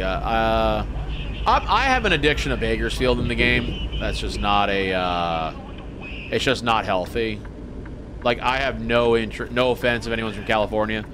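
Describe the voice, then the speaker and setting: Male streamer, easygoing trucker banter, very lively pitch, faint hiss behind, desk mic at home. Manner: laid-back, folksy trucker talk, greets chatters. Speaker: livestream host. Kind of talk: casual gaming livestream chat.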